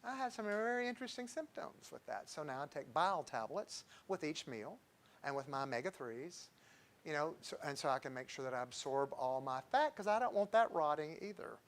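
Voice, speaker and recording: Chatty doctor, high-pitched man. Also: sing-song, a little fast. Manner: chatty, digressive, tells patient stories with chuckles. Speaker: doctor giving a health talk. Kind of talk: informal health lecture.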